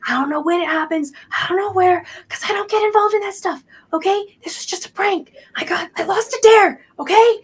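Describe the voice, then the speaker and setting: A woman's voice: sits high, lively intonation, a little fast, a bit bright. A woman voicing a nervous young male street kid who mumbles and gets defensive.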